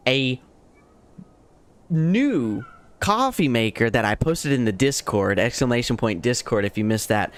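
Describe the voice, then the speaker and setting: A young adult man streaming a game live, chatting casually and jokingly, swinging between excited highs and low muttered asides.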